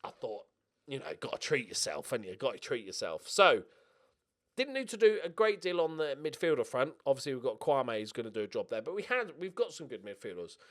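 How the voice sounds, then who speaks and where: A young man with a mid-range voice talks through his game, hosting his own let's-play channel. He is chatty and excitable, cracks jokes about his own choices and swears casually. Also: medium pitch, fairly quick. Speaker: gaming channel host.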